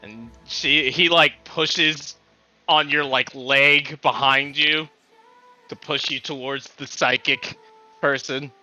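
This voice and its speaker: A man playing a tabletop role-playing game, describing his character's actions in halting, restarting speech. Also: medium pitch, steady tone, sharp tone, dull audio, faint music behind. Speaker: player. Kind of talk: casual play chat.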